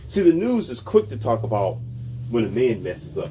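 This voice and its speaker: A man's voice: medium pitch, sing-song, measured pace, dark tone, slight background noise. A man hosting a commentary channel, ranting about society in a sarcastic, emphatic way and repeating his points.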